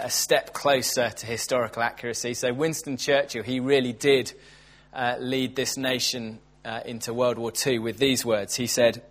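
A man preaching a sermon at a church service. He reads scripture in a measured, earnest way and then explains it with thinking-aloud asides. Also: medium pitch.

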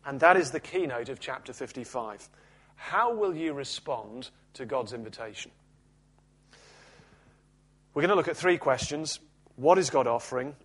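A man preaching in a steady, earnest sermon style, with a voice of ordinary middle pitch. He reads scripture and then explains it in a measured way, like a pastor guiding a congregation. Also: slightly rough.

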